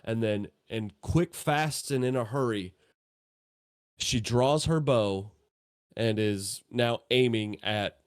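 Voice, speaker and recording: Man game master, unhurried rambling narration, deeper voice, dry sound. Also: clean tone, no room sound. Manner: laid-back, profane, rambling.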